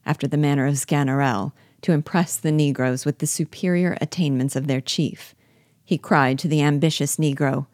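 A woman reading a classic novel aloud with steady, measured storytelling, close to the mic. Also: low-pitched, no echo. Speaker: audiobook reader.

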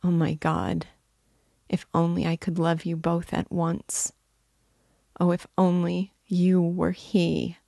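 A tender young woman pours out a remorseful, imploring plea, as a female reader gives her voice. The tone stays low and even, unhurried, with a gravelly edge. It sounds close and dry. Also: no echo, exaggerated voice. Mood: pleading. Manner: soft, earnest, imploring.

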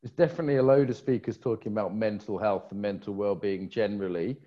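A man's voice: fairly low pitch, fairly even intonation, fast talker, highs cut off. Teasing man hosting a stream. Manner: jokey, teasing, chatty. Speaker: conference co-host. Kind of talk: casual live-stream chat.

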